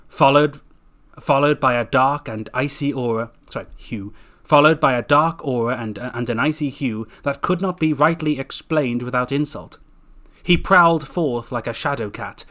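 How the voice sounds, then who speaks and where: Man reading his book aloud, bright forceful voice, frequent self-corrections, joking asides. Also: mid-range voice.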